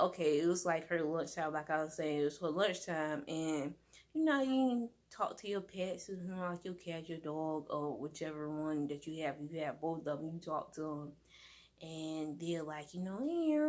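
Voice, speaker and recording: A woman's voice: low-pitched, moderate pace. Chatty woman rambling through a story. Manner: rambling, animated, many fillers and restarts. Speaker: vlogger. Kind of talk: casual storytime monologue.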